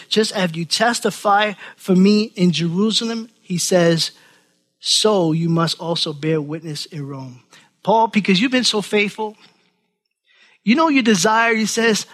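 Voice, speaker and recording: A man preaching a sermon, animated, repeating words and acting out the voices of the people he quotes. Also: high-pitched.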